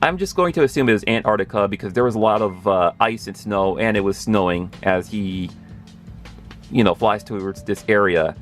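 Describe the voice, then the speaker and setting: Excitable man gushing in a casual recap. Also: lowish voice. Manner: excitable, rambling, gushing, with self-corrections. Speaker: pop culture video host.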